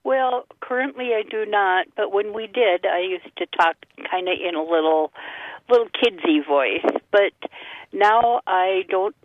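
An older woman calling in to a radio show, chatting gently about talking to her daughter's dog. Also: medium pitch, a little slow, a little hiss or hum. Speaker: caller. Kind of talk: casual call-in chat. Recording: muffled phone line.

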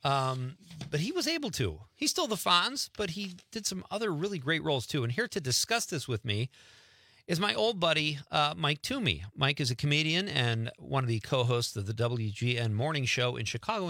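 A man's voice: a little high, big pitch swings, brisk, bright, forceful tone, dry recording, studio quality. A man hosting a radio show in casual chat, talking loosely and laughing easily. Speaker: radio host.

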